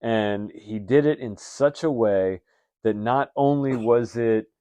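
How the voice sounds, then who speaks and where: A man co-hosting a casual chat, easygoing and deliberate as he sums things up. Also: mid-range voice, mellow, clear, resonant tone, dry recording. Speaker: wrestling podcast co-host.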